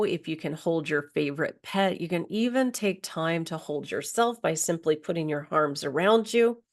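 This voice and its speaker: A middle-aged woman, a spiritual healing coach, guides listeners through a slow, soothing somatic exercise with affirmations. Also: deep voice.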